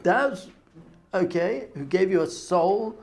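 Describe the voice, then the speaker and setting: A rabbi giving a Torah class, animated, acting out other people's voices with gasps and whispers. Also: male voice, high voice, slow pace. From not American.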